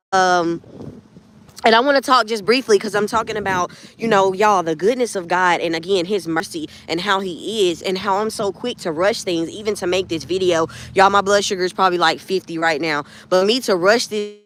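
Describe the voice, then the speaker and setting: Over a faint hiss or hum, a woman with a medium-pitched, fairly bright voice talks at a moderate pace. Hosting a relaxed livestream as a lifestyle vlogger, she wanders heartfeltly through thoughts on faith, repeatedly turning to address her audience.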